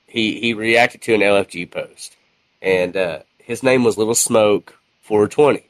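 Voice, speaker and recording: A man tells a story from his gaming community in a loose, chatty way. He laughs often and keeps the telling lively. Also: on the low side, measured pace, dry recording, rough recording. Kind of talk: casual storytelling.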